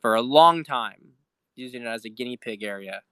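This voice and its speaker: A man talks through a casual political livestream, reading viewer questions and rambling as he goes. His voice is bright and forceful. He swears freely and restarts his sentences. The recording is dry and close, with no room sound. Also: medium pitch, expressive, normal speed, smooth, no room sound. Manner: rambling, profane, repeats words and restarts; reads viewer questions aloud. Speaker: livestream host.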